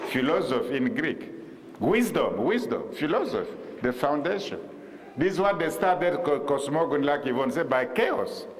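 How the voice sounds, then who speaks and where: Male lecturer, slightly high voice, hall reverb with faint noise. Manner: halting, repetitive, with many pauses and rhetorical questions.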